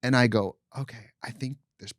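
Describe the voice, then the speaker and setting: A man co-hosts a casual podcast, spinning a long anecdote with camp asides and quick character voices. His pitch sits mid-range for a man. The sound is dry and close, with no room around it. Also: dry recording. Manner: animated storyteller, quick voices for quoted people, camp asides. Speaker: podcast co-host. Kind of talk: casual storytelling chat.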